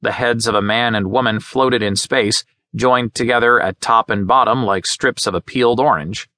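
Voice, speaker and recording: A man narrating an audiobook in a measured studio reading, gently voicing each character. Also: medium pitch, no echo. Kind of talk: scripted narration.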